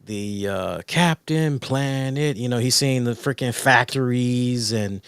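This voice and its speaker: A man chats on his podcast in a rambling, excitable way, piling up fillers and curses as he tells a story. His voice sits at an ordinary middle pitch. The recording is dry and close, with no room sound. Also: slow pace, clear, resonant tone, dry recording. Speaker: podcast co-host. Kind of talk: casual chat.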